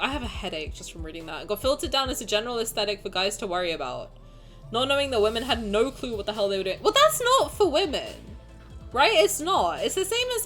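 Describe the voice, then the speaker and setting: A woman's voice: on the high side, a bit bright. A young woman streaming live, reading chat messages aloud and reacting with swearing and frequent laughter.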